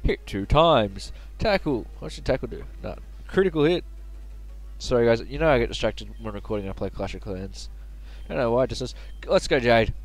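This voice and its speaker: A man's voice: medium pitch, lively intonation, a little fast. Chatty man commenting on a game. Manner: chatty, joking, mutters to himself. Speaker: let's play host. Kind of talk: casual gaming commentary.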